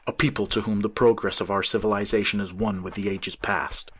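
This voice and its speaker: A man voicing an older professor who speaks in a calm, solemn, measured way. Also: very deep voice, husky, voice pushed down, full character voice. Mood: grave prophecy. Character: older male professor, grave and weary.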